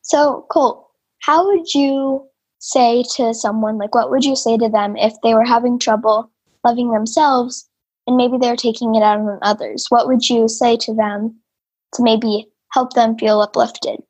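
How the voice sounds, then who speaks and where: Casting: female interviewer, husky tone, higher pitch, gentle and encouraging. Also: steady tone, measured pace, highs cut off. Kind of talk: casual interview.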